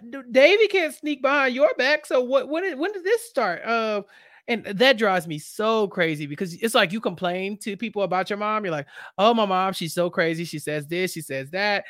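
A woman co-hosting a casual podcast, reacting with expressive, mock-indignant commentary. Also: a little high, no room sound, studio quality. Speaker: podcast co-host. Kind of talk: casual chat.

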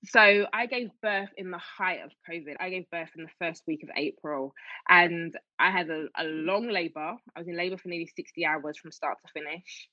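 A woman's voice: fairly low pitch, moderate pace, bright, forceful tone, no echo. A woman telling a personal story as an interview guest, emotional, with many fillers and restarts. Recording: dull dry lo-fi sound.

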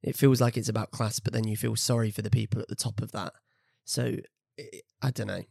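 A man's voice: on the low side, flat delivery, fairly quick, vocal fry, darkish tone, husky, no room sound. Chatty man, dry close sound. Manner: chatty, laughs often, talks through film opinions. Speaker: podcast co-host. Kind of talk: casual chat.

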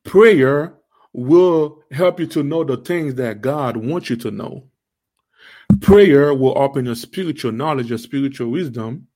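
A man with an accent hosting an online faith series, preaching in an emphatic way with repeated rhetorical questions and halting restarts. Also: darkish tone. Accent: non-native accent. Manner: halting restarts, rising pitch when stressing. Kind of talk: livestream preaching.

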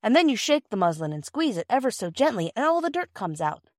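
A woman doing a gentle, earnest older girl. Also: fairly high pitch, sing-song, brisk, no echo, studio quality, voice pushed up. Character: earnest, careful eldest girl.

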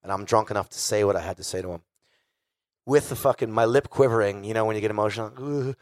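A man telling stories on stage with animated delivery, swearing constantly and acting out other voices. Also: lowish voice, fast, dry recording. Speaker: guest musician telling stories. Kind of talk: casual storytelling on stage. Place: live show before an audience.

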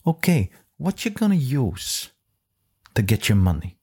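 A man's voice: mid-range voice, big pitch swings, a little slow, mellow, pitched above the performer's own voice, full character voice. A man doing an impression of a foul-mouthed, swaggering male podcast mentor with a New York-New Jersey accent. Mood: brash, needling. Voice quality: gruff, swaggering tough-guy patter.

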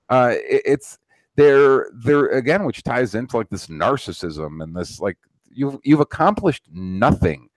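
A man's voice: medium pitch, very animated, normal speed, no room sound. A man in his thirties hosting a podcast, talking in a profane, rambling way with many restarts. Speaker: podcast host. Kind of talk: casual political chat.

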